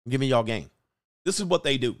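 A man's voice: mid-range voice, lively intonation, fast. Man, dating coach, crude, joking, laughs a lot, casual livestream.

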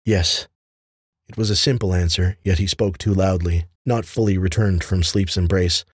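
A man narrating a fantasy story in a measured, even manner. His voice is low and husky, and the recording is dry and close, with no room sound. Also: no echo. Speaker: audiobook narrator.

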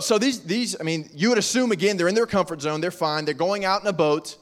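A young man preaching a casual youth sermon in an animated, jokey, conversational way. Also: fairly high pitch, a little fast. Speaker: youth pastor.

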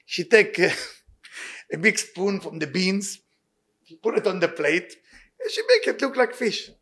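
A man giving an impassioned sermon and telling a story, repeating his key words and speaking loose, halting English. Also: sits high, lively intonation, fairly bright tone. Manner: loose, halting non-native English grammar. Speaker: rabbi giving weekly inspiration.

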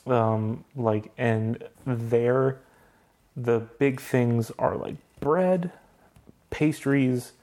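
A man's voice: medium pitch, drawn-out words, a little mellow. A young married man hosting a podcast, telling stories in casual chat, laughing often and swearing freely. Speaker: podcast host.

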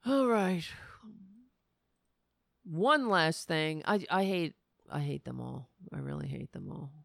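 A woman's voice: low voice, lively intonation, slow, gravelly, no echo, clean studio sound. A woman hosting a political talk show, ranting with sarcastic, indignant anger and frequent swearing. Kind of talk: angry political commentary.

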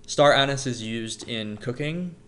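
A man's voice: medium pitch, measured pace, fairly bright tone. Upbeat male podcast host. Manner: upbeat, jokey, explains facts loosely with fillers. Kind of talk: casual podcast chat.

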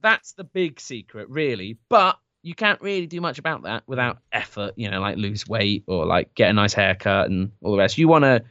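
Man, co-host, joking call-in chat, bright tone, dry lo-fi sound. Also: fairly low pitch, lively intonation, moderate pace, few pauses, no room sound. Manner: jokey, puts on silly voices and mock-romantic lines. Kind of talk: comedic call-in advice chat. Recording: dull lo-fi sound.

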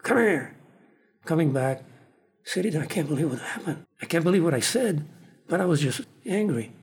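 Older man telling backstage stories, warm tone. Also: on the high side, fairly quick. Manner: animated, acts out other people's lines. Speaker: theater producer recounting his career. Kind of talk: anecdotal storytelling in an interview.

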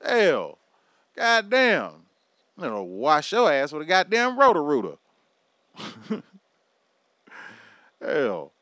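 A man with a high, smooth, resonant voice rants with heavy profanity and big swings in energy. The sound is dry and close, with no room around it. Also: very slow, long pauses, no room sound. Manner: loud, profane, animated ranting with laughs. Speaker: commentary vlogger. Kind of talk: profane rant to camera.

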